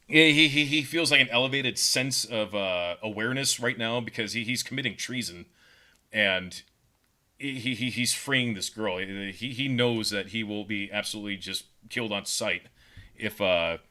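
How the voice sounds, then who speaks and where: A man co-hosting a podcast, pitching a story casually with lots of fillers and repeated words. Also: moderate pace, pushed and bright. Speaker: podcast co-host.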